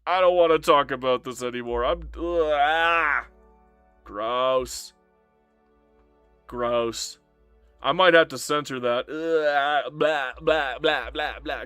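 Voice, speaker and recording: A man's voice: medium pitch, slow, fairly bright tone, smooth, no echo, soft background music. A man streaming a strategy game live, chatting casually to himself and his viewers, swearing and joking as he plays. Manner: chatty, talks to himself and chat, swears and jokes. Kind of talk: live gameplay commentary.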